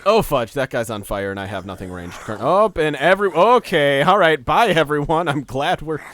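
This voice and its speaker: Animated male gaming streamer, dry mic. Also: a little high, a little fast, no room sound. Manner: animated, argumentative, laughs easily. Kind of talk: casual gaming chat.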